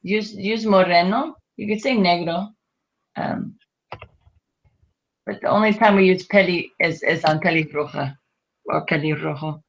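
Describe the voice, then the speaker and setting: A woman's voice: fairly low pitch, measured pace, pauses often, highs cut off. Woman teaching a Spanish class. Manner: patient, prompting with questions, many fillers. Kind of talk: classroom lesson going over exercises.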